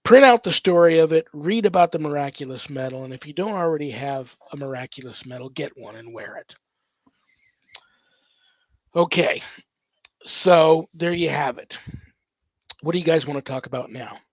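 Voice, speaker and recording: A husky-voiced priest rambles through viewer questions from home, thinking aloud with plenty of ums and restarts. His voice sits a little high and sounds dry and close. The sound is dull and lo-fi. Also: moderate pace, pauses often, no echo. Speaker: priest hosting a paranormal ministry show. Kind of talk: casual livestream Q&A.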